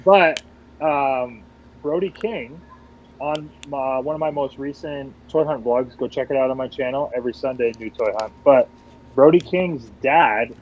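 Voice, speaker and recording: Laid back guy guesting on a podcast, chill storytelling, normal pitch. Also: measured pace, muffled recording, a little hiss or hum. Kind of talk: casual chat.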